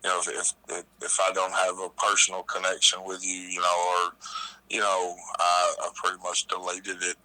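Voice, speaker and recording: A man who is a guest on a podcast, speaking in halting casual chat, repeating words and saying you know often. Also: sits low, completely flat delivery, pushed and bright, dry recording, rough recording.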